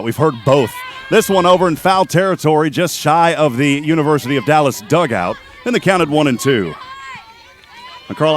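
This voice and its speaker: A man calling a college softball game play by play, chatty and quick with statistics, joking with his co-host. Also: mid-range voice. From Texas. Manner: chatty, rattles off stats, jokes with co-host. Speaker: play-by-play announcer. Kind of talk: sports play-by-play commentary. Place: outdoor softball field.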